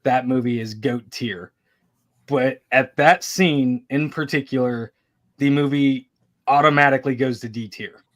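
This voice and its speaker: A man's voice: mid-range voice, measured pace. Blunt, swearing man on a panel. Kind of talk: casual panel debate.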